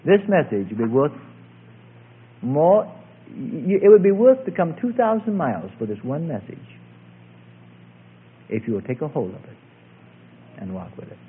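A man preaching a sermon with emphatic delivery, swinging from loud calls to hushed passages. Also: fairly high pitch, big pitch swings, normal speed, pauses often, husky. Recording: tinny lo-fi phone-like recording.

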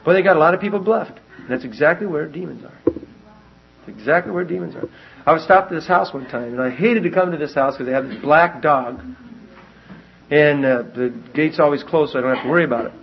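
A man preaching a sermon, telling stories with lively animation and repeating lines for emphasis. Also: fairly high pitch, brisk, creaky. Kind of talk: sermon with personal storytelling. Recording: dull lo-fi recording.

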